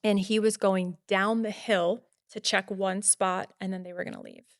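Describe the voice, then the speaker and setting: A woman guest on a podcast telling a personal story in casual talk, animated and full of "like" fillers. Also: medium pitch, moderate pace, dry recording, studio quality. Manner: animated, acts out quotes, many "like" fillers.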